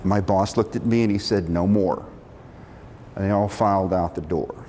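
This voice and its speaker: A middle-aged man telling a story from his working life, animated, acting out the quotes. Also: brisk. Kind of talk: storytelling talk. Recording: long reverb of a hall, faint rumble.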